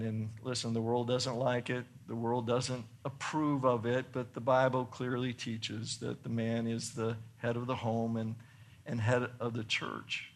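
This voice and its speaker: In a mid-range voice, a male pastor reads from scripture and earnestly unpacks it in his sermon. He works up to excited emphasis, then goes soft when making his points.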